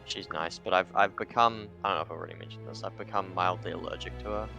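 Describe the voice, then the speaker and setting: Low, bright-toned wry man. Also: steady tone, gravelly, faint music behind. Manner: measured, wry, storytelling. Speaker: tabletop game player. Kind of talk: casual table chat.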